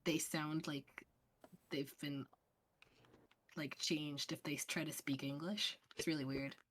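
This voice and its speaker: Deep-voiced woman player, giggly and self-conscious in call chatter. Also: steady tone, a little slow, a bit bright. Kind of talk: casual chat on a voice call.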